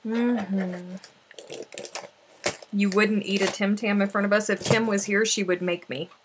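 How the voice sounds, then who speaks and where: A woman's voice: mid-range voice, steady tone, a little slow, background noise. A woman hosting a live crafting stream, reading out viewer comments in a playful, chatty way. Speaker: crochet livestream host. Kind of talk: casual live-stream chat.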